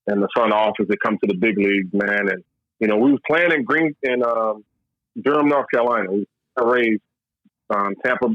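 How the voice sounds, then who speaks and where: Speaking briskly in a fairly low pitch, this Louisville, Kentucky man, once a professional baseball player, recounts his life in a relaxed interview. He sprinkles in "man" over and over, restarts frequently, and stays animated; the recording is dry, dull, and lo-fi without echo.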